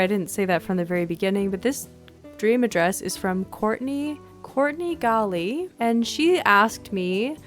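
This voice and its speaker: A woman giving casual, gushing commentary on a video game, often clearing her throat and sniffing. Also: mid-range voice. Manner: gushing, excitable, frequent exclamations. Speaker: gaming video host.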